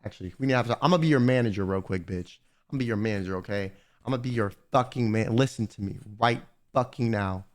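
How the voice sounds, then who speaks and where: A young man streaming, chatting casually and swearing, slangy and animated as he rants to his chat. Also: on the low side, fast talker.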